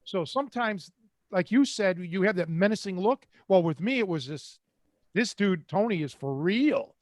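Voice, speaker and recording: Older man, host. Streetwise storyteller, higher than typical pitch, dry close-mic sound. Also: animated, moderate pace, no room sound. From Cleveland, Ohio. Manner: rambling, streetwise, quotes others in voices. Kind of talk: casual storytelling.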